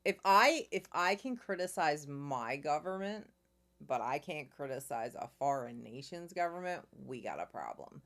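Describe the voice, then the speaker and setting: A man's voice: fairly high pitch, sing-song, moderate pace, a bit bright. An American man co-hosting a music reaction video, arguing his opinions in casual chat. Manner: opinionated, argumentative.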